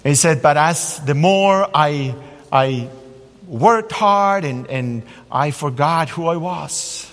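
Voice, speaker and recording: A fairly high-voiced man delivers a sermon, shifting into lively storytelling as he preaches. His voice rings out with a long reverb from a large church hall. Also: takes it slowly. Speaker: pastor.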